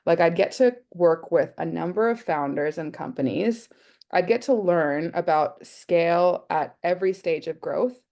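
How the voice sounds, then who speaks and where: A woman's voice: fairly low pitch, lively intonation, unhurried, vocal fry, mellow, muffled recording. An Australian woman presenting an online workshop on a video call, chatty and thinking aloud with lots of fillers. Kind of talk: casual online workshop talk.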